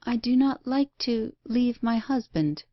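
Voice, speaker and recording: A woman's voice: fairly high pitch, expressive, a little slow, dry recording, highs cut off, voice pushed up. A woman voicing a pale, listless, melancholy young wife and mother who speaks plaintively. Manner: plaintive and subdued.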